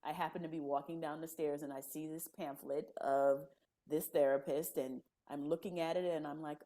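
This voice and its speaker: A woman guest on a podcast, telling her story in a casual, animated way and acting out the conversations she describes. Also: sits low, normal speed. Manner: animated, laughing storyteller who acts out quoted dialogue.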